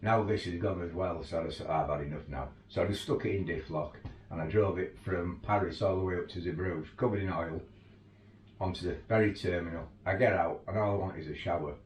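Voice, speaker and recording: Telling casual stories and laughing along, a male overland tour guide talks a little fast in a low voice with fairly even intonation. The mic sits at a distance in a roomy space with faint ambience.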